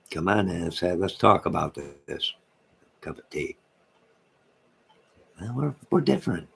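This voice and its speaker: A man reads viewers' comments on his late-night home livestream, bantering and joking as he rambles on. His voice sits low, husky with vocal fry, yet a bit bright.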